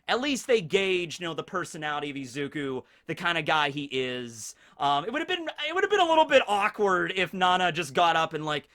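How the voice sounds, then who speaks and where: Male vlogger reviewing anime, bright and forceful, energetic casual commentary. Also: on the high side, brisk, few pauses. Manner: energetic, animated, chuckles between points.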